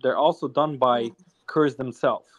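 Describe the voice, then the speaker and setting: A man co-hosting a casual chat, speaking haltingly with frequent restarts and fillers. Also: mid-range voice, steady tone, no echo.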